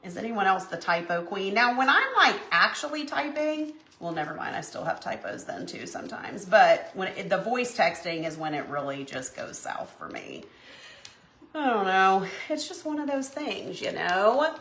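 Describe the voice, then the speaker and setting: A woman's voice: mid-range voice, sing-song, normal speed, a bit bright, a little hiss or hum. A woman hosting a live craft show, chatting and laughing as she works. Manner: chatty, laughs often, says y'all. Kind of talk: casual live craft chat. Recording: echoey room.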